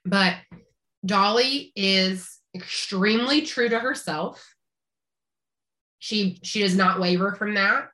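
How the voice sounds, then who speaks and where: Woman from rural Tennessee, thirties, upbeat podcast guest with a crisp, bright voice. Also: medium pitch, takes it slowly, long pauses. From rural East Tennessee, Appalachia. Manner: chatty, upbeat, frequent restarts and laughs. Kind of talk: casual interview chat.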